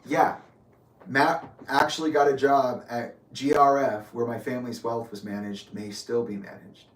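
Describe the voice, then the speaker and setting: A man's voice: mid-range voice, steady tone, a little slow, a little hiss or hum. A man telling a candid personal story in a casual, rambling way, full of fillers. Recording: roomy sound from a distant mic.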